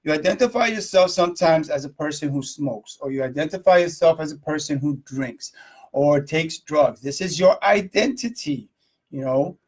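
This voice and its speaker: A man's voice: fairly high pitch, animated, normal speed, darkish tone. Rambling man hosting a live stream. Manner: rambling, repeats himself, asks viewers questions. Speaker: host of a live video stream. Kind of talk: casual motivational talk.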